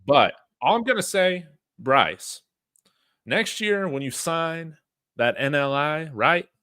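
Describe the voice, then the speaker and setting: A man's voice: on the high side, lively intonation, slow pace, sharp tone, smooth, dry recording, clean studio sound. A man hosting a livestream watch-along of a sports commitment, chatting casually to his viewers with many fillers and restarts. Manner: addresses viewers directly. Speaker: sports fan show host.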